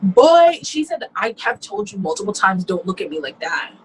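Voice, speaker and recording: A woman's voice: mid-range voice, very animated, normal speed, breathy edge, rough recording. A young woman co-hosting a casual reality-TV recap chat, blunt and opinionated, acting out what others said. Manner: blunt, opinionated, acts out other people's lines. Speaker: podcast co-host.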